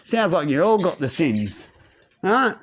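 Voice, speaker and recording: His voice is a little high, sing-song, unhurried, and slightly rough. The man, a channel host, rambles through a ranting monologue to camera, repeatedly adding a rhetorical "right?" to his points.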